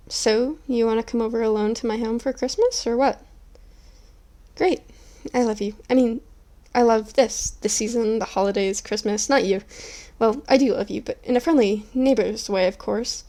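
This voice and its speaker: A woman's voice: a little high, normal speed, dark tone, natural voice. A woman voicing an insecure, clingy young female neighbor in an ASMR role-play, talking in an anxious, apologetic, rambling way. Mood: flustered.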